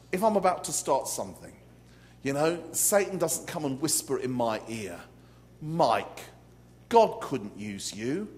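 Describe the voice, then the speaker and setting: A pastor preaches a live sermon to a conference crowd in a hall, telling stories in a dramatic, comic way. His voice is medium-pitched, with a little hiss or hum in the recording.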